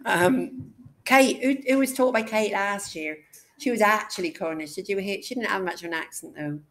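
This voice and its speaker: A woman's voice: mid-range voice, normal speed, a bit bright. Woman teacher in a classroom, chatty, jokes around, keeps asking the class stuff. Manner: chatty, jokey, quizzes the class. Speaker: English teacher. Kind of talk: classroom lesson.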